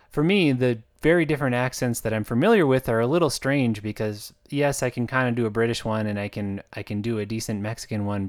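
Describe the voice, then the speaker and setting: A man speaks in a loose, conversational monologue, circling back with "um"s and restarts as he thinks aloud. His voice sits at an ordinary middle pitch, and the recording is close and dry with almost no room sound. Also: no room sound. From United States. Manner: rambling and conversational, with frequent fillers and restarts. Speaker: author narrating his own audiobooks. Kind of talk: casual spoken monologue.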